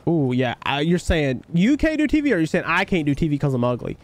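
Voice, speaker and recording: A young man with a Southern country twang streams a game live, reading viewer comments aloud and answering them in a loose, slangy way. His voice sits a bit high, and his pitch swings widely as he talks. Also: huge pitch swings, fast. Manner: laid-back, slangy, reads chat aloud and answers.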